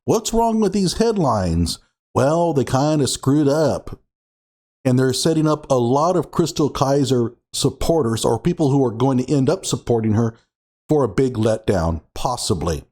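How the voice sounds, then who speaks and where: A man's voice: medium pitch, animated, a little slow, a little mellow. A man hosting his own show, giving sarcastic commentary on a court ruling and reading passages out with heavy emphasis. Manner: sarcastic, reads documents aloud with emphasis. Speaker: show host.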